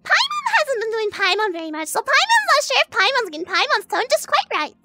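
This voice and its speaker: A tiny chirpy fairy girl who calls herself by name instead of "I". The voice sits extremely high and bounces all over, with a sharp, bright edge. Faint music plays underneath. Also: wildly swooping pitch, brisk, full character voice. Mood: squeaky. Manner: refers to herself in third person. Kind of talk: VRChat livestream.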